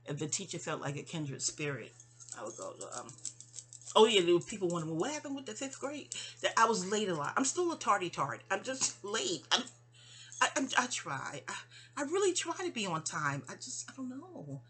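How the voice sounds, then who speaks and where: A woman from New York speaking in a rambling, digressive personal monologue addressed to her mother, full of restarts and asides, often dropping soft. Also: on the low side, sing-song, moderate pace. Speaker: vlogger.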